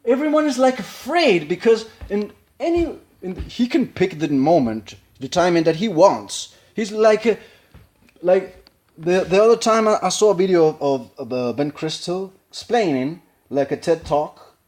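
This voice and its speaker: Halting man with a Spanish accent. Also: high voice, very animated, darkish tone. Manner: halting, searching for words, breaking into impressions. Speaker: acting learner. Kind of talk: casual analysis of a film scene.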